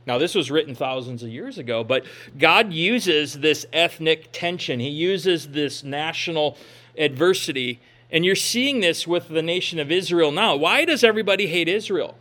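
Male pastor, higher-pitched, sermon delivery with scripture reading. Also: lively intonation, moderate pace, sharp tone. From Minnesota. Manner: preaching with scripture readings and asides.

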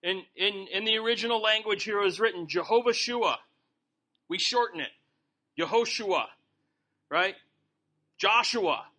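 Man teaching Bible study, folksy and joking, bright high voice. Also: normal speed. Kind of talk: informal sermon.

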